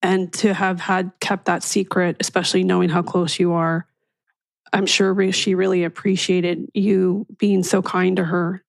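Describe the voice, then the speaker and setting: A woman podcast host asking gentle, empathetic questions in an interview. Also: on the low side, flat delivery, unhurried, gravelly, no room sound.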